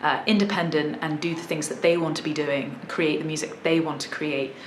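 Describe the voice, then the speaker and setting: A woman in her thirties with a southern English accent and a fairly low voice chats through a casual vlog. She talks thoughtfully and restarts her sentences here and there. The room gives her voice an echo, with a faint hiss behind it. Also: steady tone, a little fast. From south of England. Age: 30s. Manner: chatty, thoughtful, many small restarts. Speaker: musician vlogger.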